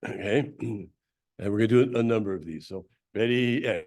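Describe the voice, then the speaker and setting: Man coaching a group, clearing his throat. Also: fairly low pitch, lively intonation, moderate pace, darkish tone. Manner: coaching, directive instructions. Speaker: speaker leading a Sunday talk. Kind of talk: leading a group laughter exercise.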